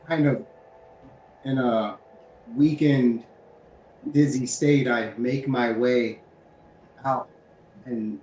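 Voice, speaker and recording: Slow, halting man far from the mic. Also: mid-range voice, a little mellow, a little hiss or hum. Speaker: player. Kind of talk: playing a character in a tabletop game. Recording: echoey room, far from the mic.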